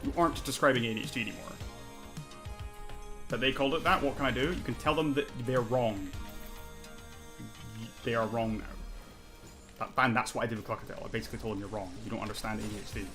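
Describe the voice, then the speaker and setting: A man's voice: mid-range voice, fast talker, pauses often, sharp tone, faint music behind. A man streaming a competitive online game, ranting heatedly and swearing while he argues a point and scolds himself over his plays. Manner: heated, profane, argumentative, self-critical. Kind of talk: live gameplay commentary and ranting.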